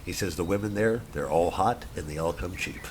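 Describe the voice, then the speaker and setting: A man playing a bumbling, profane TV reporter in a comedy sketch, deadpan in tone. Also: low voice, fairly quick, slight background noise.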